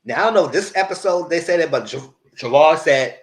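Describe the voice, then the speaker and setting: A man giving a live recap of a reality show, retelling scenes in an animated way and acting out what the cast said. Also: on the high side, brisk. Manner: animated retelling, acts out cast members' lines. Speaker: show reviewer.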